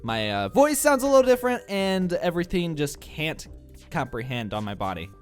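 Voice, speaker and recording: A man's voice: fairly high pitch, very animated, moderate pace, faint music behind. A young man from the American Midwest with a Midwestern accent, rambling through casual let's-play commentary with many filler uhs, his voice a bit congested from allergies. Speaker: gameplay commentator.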